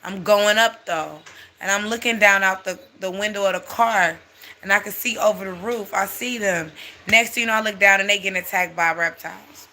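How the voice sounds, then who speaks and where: Casual storyteller, blunt and animated, swears a lot, bright voice, faint hum behind. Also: mid-range voice, normal speed.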